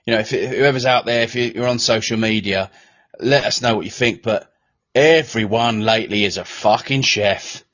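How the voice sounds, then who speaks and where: A married man co-hosting a casual podcast chat, telling stories in an animated way. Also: on the low side, moderate pace, muffled recording. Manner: animated storytelling, matey. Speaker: podcast co-host.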